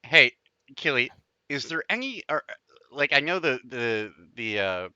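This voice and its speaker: A man playing a tabletop game, rambling and full of fillers. His voice is very bright and sharp, dry and close, on a dull lo-fi line. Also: medium pitch, big pitch swings, a little slow, clear, resonant tone, dry recording. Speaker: player. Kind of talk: tabletop role-play.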